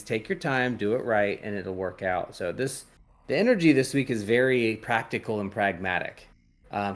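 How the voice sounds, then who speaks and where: Male podcast host, low-ish voice, meandering and halting, casual chat. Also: a bit bright. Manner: rambling, hesitant, lots of ums. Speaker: podcast host reading tarot.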